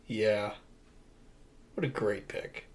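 A man's voice: on the low side, extremely slow. Young male podcast co-host, eager and rambling, casual movie talk, laughs a lot. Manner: enthusiastic, rambling, laughs often. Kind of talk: casual movie review chat.

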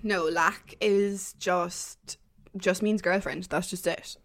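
A woman's voice: fairly low pitch, fairly even intonation, slow, a bit bright. A young Irish woman with a Waterford accent, co-hosting a podcast and telling stories chattily, laughing often. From Ireland, Waterford. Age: young adult. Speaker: podcast co-host. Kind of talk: casual chat.

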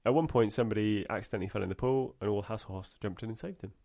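Male podcast co-host, lowish voice, easygoing storyteller who laughs a lot. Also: rapid-fire, gravelly, dark tone. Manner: laughs often, tells stories with a punchline. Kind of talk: casual podcast banter, reading listener stories.

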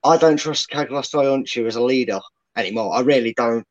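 A man's voice: mid-range voice, brisk, dull audio. A man giving strong opinions as a guest fan pundit, speaking from his bedroom. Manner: opinionated, dry. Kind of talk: casual chat.

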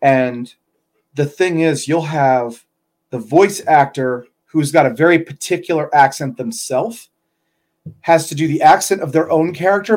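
A man's voice: a little high, a little mellow. A young adult man co-hosting a casual podcast chat, telling loose, rambling stories that wander between thoughts. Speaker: podcast co-host.

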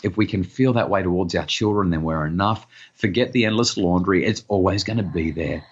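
Middle-aged guy, very deep husky voice, earnest parenting advice on a podcast, dull lo-fi sound. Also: fairly quick. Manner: earnest, repeats words when starting sentences. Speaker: parenting expert guest. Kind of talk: podcast interview.

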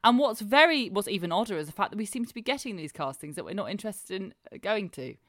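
A woman in her thirties co-hosting a casual chat, teasing and lively as she tells stories. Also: medium pitch, fast, no room sound, studio quality. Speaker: podcast co-host.

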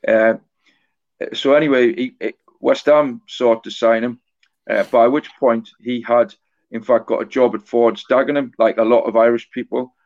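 A man in his forties, an author talking as a guest in an interview, telling a story in a halting way that often repeats words and restarts. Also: mid-range voice, fairly even intonation, a little mellow. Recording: dull lo-fi recording.

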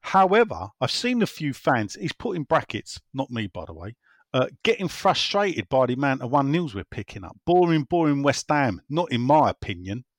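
A man's voice: medium pitch, big pitch swings, moderate pace, dry recording. Chatty man, dry close sound. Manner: rambling, conversational, repeats himself. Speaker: football podcast host reading listener messages. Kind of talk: casual chat.

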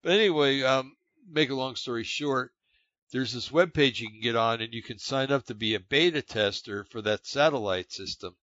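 A man's voice: mid-range voice, normal speed, a bit bright, no room sound. An older man chatting casually on a live online show, meandering and grasping for names, heard over a video call. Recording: dull lo-fi call audio.

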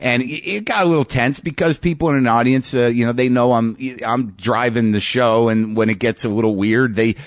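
A male comedian hosting his podcast tells a story at a reflective pace, stumbling over restarts and repeated words as he hunts for the right phrase. His voice sits at an ordinary middle pitch. The sound is dry, with no room echo. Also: a little fast, hardly any pauses. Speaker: podcast host and stand-up comedian. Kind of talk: storytelling monologue.

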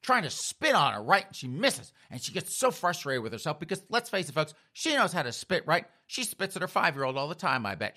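A man's voice: on the high side, big pitch swings, fairly quick, hardly any pauses, pushed and bright. A man hosting a comedic news show, retelling stories in a mocking storytelling way and calling listeners "folks.". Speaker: host.

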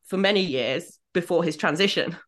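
A woman in a casual conversation, telling personal stories in an animated way, swinging her pitch up and down. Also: moderate pace. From Great Britain.

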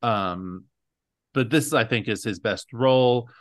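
A man hosting a casual podcast chat, talking at an ordinary pitch. He rambles cheerfully and fills gaps with frequent fillers and restarts. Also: takes it slowly. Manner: chatty, rambling with many fillers. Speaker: podcast host.

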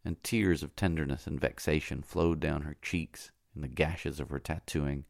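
A man narrating a literary novel as an audiobook, reading slowly and in a measured way that often drops to a hush. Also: a bass voice, fairly even intonation, vocal fry, no room sound, clean studio sound. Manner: slow, measured, often hushed.

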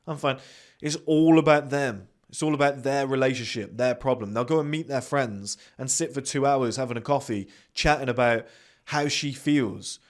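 A man's voice: mid-range voice, moderate pace. A man with a British accent, hosting a podcast and giving a blunt motivational monologue, swearing freely and acting out the voices of the people he quotes. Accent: British English. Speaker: podcast host.

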